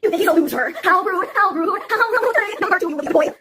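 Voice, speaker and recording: A woman's voice: very high-pitched, rapid-fire, noisy background. A woman voicing a doting, bossy mother who talks to her sons in a giggly, coaxing singsong.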